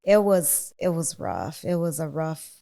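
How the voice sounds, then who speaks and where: A woman telling her own story as a podcast guest, earnest and halting. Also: low-pitched, very animated, creaky, warm tone. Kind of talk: casual chat.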